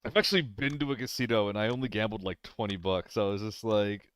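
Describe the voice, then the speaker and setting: A young man chatting casually with his viewers while streaming a game, playful and quick to laugh. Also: on the low side, steady tone, clear, resonant tone. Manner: playful, apologetic, laughs often.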